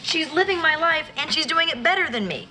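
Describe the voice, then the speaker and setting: A fretful young woman from a sitcom. Her voice sits high and swoops up and down a lot. She speeds up as she gets worked up. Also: animated, pushed and bright, slight background noise. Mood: envious. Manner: emotional, quickens when upset. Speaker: sitcom character. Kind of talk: sitcom acting.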